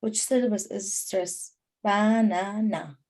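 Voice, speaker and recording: A female student reads her lesson aloud with a mellow, relaxed tone. She goes slowly and carefully, with a fairly flat delivery. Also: medium pitch. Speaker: language student. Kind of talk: reading aloud in class.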